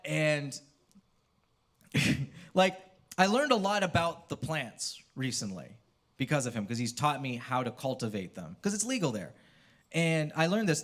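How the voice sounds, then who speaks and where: Young male stand-up comic, slightly high voice, profane and loose, jumps into shouted impressions mid-story. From California. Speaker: stand-up comedian. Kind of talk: stand-up comedy set. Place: university theater stage.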